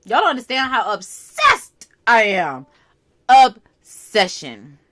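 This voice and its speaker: A woman's voice: medium pitch, very animated, moderate pace, a bit bright. A woman hosting a casual livestream, chatting directly to her viewers while she does her makeup. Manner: chatty, talks straight to viewers. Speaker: livestream host. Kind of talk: casual live chat while doing makeup.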